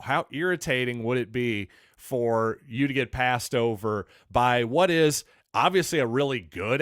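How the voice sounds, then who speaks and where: A man's voice: medium pitch, fairly bright tone, no echo, studio quality. A man hosting a solo sports podcast, talking in an opinionated, conversational and wry way.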